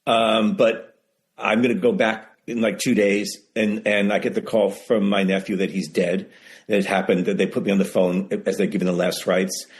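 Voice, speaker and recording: A man being interviewed over a video call, telling stories in an animated, emphatic way and repeating phrases for effect. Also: lowish voice, normal speed. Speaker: memoir author guest. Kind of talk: casual interview storytelling.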